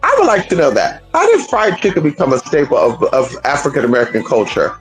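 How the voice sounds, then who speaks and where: A livestream host ranting to viewers in an animated, rhetorical way, firing off question after question and swearing freely. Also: medium pitch, fast, soft background music, rough recording. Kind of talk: livestream rant.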